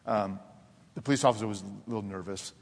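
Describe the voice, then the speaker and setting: A man preaching a sermon as pastor, telling animated personal stories, laughing often and dropping to soft, intense tones. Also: fairly low pitch, fast talker. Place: church sanctuary. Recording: long reverb of a church hall.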